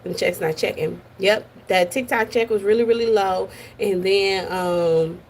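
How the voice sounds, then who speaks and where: Woman doing a gossipy live stream from the office, lots of fry, shouting out people in chat. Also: mid-range voice, fairly even intonation, measured pace, slight background noise. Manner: chatty, greets viewers by name, gossipy. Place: office at work.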